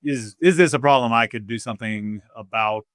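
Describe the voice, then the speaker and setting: A man's voice: mid-range voice, fairly quick, fairly bright tone, no room sound, studio quality. A man hosting an interview podcast, casual and affirming, with many fillers as he talks. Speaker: podcast host. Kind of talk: conversational interview.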